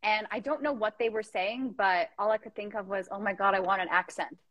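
A woman's voice: medium pitch, brisk, no room sound, dull audio. A young woman from Canada hosting a casual chat, playful and riffing on silly ideas. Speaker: podcast host.

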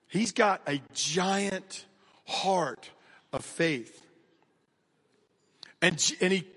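An American man preaches a lively sermon in a fairly high voice, chatting straight at his listeners between points. His words ring out with a long reverb tail, as if spoken in a large hall. The delivery swings between quick bursts and slow, stressed phrases. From United States. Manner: energetic, conversational preaching with direct asides to the congregation. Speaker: pastor.

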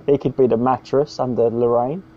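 A man's voice: medium pitch, fairly even intonation, brisk. A man co-hosting a podcast, rambling, teasing and swearing in casual banter. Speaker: podcast co-host. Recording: dull lo-fi sound.

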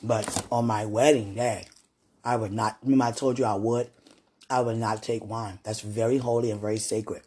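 Speaking in a bass voice at a moderate pace, a woman addresses both God and someone she loves in a casual, sometimes prayerful way. She shifts between quiet reflection and giggly excitement, breaks into laughter often, and talks in fits and starts; a little hiss or hum is audible.

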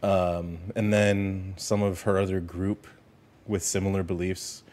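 A man co-hosting a casual podcast, telling stories in a relaxed, easygoing way. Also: low voice, unhurried. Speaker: podcast co-host.

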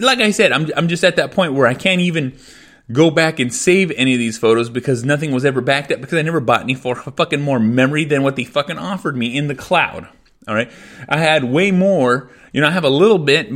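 A man's voice: a little high, fairly bright tone. Profane, venting male podcast host. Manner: profane and venting, self-deprecating. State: frustrated. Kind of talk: solo rant.

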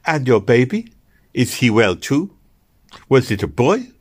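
A man's voice: sing-song, unhurried. A man voicing a fussy, motherly middle-aged French nurse in an audiobook, gushing and prying. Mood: kindly prying. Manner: gushing, prying, rises high when surprised. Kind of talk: audiobook reading.

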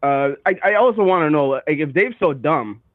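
High-voiced rambling male phone caller. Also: lively intonation, moderate pace, dry recording. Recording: tinny dry phone line.

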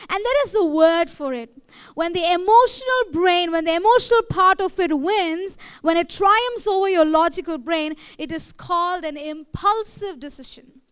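A woman's voice: extremely high pitch, fairly bright tone. A young woman with an Indian English accent preaching a sermon in a conversational way, often checking in with her listeners. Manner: conversational, checks in with "okay?" and "all right?".

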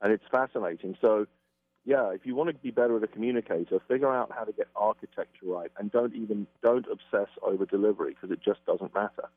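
A man's voice: fairly low pitch, fast, no room sound. A man explaining communication as an interview guest, emphatic and acting out quoted reactions. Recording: tinny phone-line sound.

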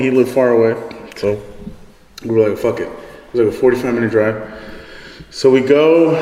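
A young podcast host with a fairly low, slightly mellow voice tells a loose, rambling story packed with "like" and casual swearing. The room is echoey with a long reverb and faint noise.

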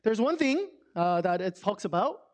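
Guy preaching, high voice, casual sermon, lots of "why?" questions, gets loud then goes soft. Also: very animated, normal speed. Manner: conversational, swings between loud emphasis and soft hush; asks rhetorical questions. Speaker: pastor.

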